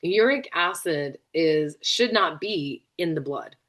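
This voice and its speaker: A woman's voice: sits low, animated, slow, fairly bright tone. A woman practitioner giving a casual explanatory lesson, chatty, with lots of fillers and asides, sounding a bit tired. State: tired, yawning. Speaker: functional medicine practitioner.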